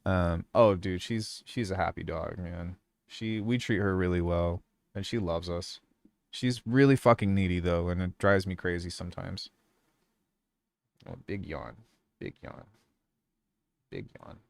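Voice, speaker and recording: A young man talking loosely to his stream audience, meandering with lots of fillers. His mid-range voice is smooth and clear. The sound is close and dry, with no echo. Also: sits low, moderate pace. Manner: relaxed, rambling, many fillers. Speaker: music producer streamer. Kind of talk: casual live-stream chat.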